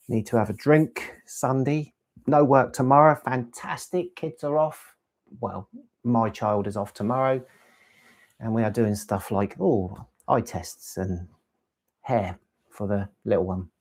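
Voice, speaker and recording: A chatty man rambles through a live stream, answering viewers' questions and drifting from topic to topic. His voice sits at an ordinary middle pitch and he talks in a loose, easy way. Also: moderate pace, a little mellow. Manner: rambling, chatty, reads chat aloud. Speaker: LEGO channel host. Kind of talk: casual live-stream chat.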